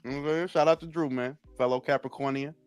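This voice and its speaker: A man from Los Angeles co-hosting a casual boxing talk stream, animated and cursing freely, with bits of Spanish. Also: mid-range voice, quick pace, clean tone, dry recording, soft background music. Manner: animated, swears a lot, drops Spanish phrases. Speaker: boxing talk show co-host. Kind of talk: casual live stream banter.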